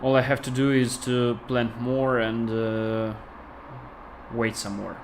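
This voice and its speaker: A man with a Russian accent, a game developer thinking aloud with many pauses and fillers as he plays on a casual livestream. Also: mid-range voice, level tone, a little hiss or hum. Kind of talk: casual livestream gameplay commentary.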